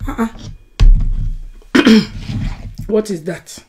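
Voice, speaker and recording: A woman with a Nigerian accent hosting a casual live stream from home, answering viewers' comments in an animated, argumentative way. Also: medium pitch, very slow, soft background music.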